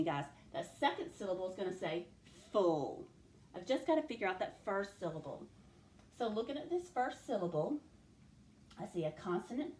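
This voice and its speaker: A woman teacher giving a phonics lesson, talking students through each step clearly and addressing them directly. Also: fairly low pitch, a little mellow, a little hiss or hum. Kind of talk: recorded classroom phonics lesson. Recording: roomy echo.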